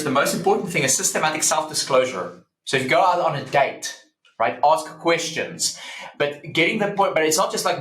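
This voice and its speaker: A man with a fairly high voice speaks as a psychology professor in a casual interview. He explains earnestly, drifting into lively stories and filling gaps with ums, while the room rings with an audible echo. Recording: roomy echo.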